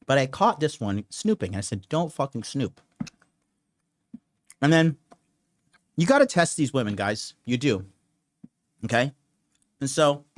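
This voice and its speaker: Young male podcast host, casual and profane, rambling storyteller with an everyday mid-pitched voice. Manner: blunt, profane, rambling with fillers.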